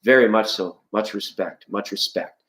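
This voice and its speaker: A man hosting a live tarot reading, talking to his chat in a rambling, playful, jokey way. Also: normal speed. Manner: rambling, playful, jokey, shifting pitch and loudness. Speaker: tarot reader and livestream host. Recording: echoey room.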